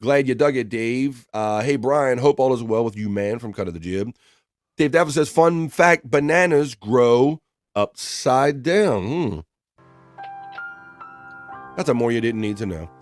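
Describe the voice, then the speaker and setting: A man's voice: medium pitch, moderate pace, pauses often, darkish tone, no room sound, soft background music. A man hosting a live stream, chatting casually and reading out viewer comments with upbeat greetings by name.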